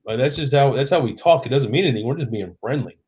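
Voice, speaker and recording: Here a tipsy middle-aged Southerner from Oklahoma runs a relaxed late-night live stream from his house, reading out comments from viewers. The voice is medium-pitched and a bit mellow, animated in delivery and quick in pace.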